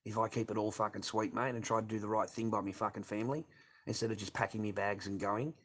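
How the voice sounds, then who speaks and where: A man's voice: on the low side, fairly even intonation, fast talker, fairly bright tone. A middle-aged man, hosting a casual livestream, reading and answering chat with constant swearing and sarcasm.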